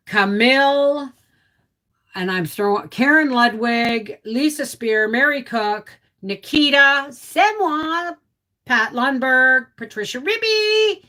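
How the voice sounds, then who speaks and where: A middle-aged woman hosts a casual homestead live stream in a slightly high, bright, forceful voice. Chatty and at times emotional, she talks with viewers and reads their names aloud.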